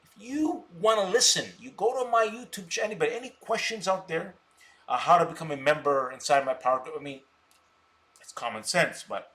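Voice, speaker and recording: High bright-voiced man ranting scornfully. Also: normal speed. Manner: scornful, boastful, mocking insults; bursts of loud laughter and shouting. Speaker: stock options live streamer. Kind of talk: ranting live stream talk.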